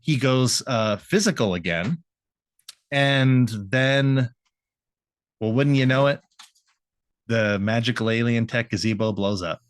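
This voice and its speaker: A man's voice: medium pitch, takes it slowly, long pauses, clean tone, no echo. A man co-hosting a podcast, recapping a cartoon episode in a rambling, laughing way, swearing and acting out lines. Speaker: podcast co-host.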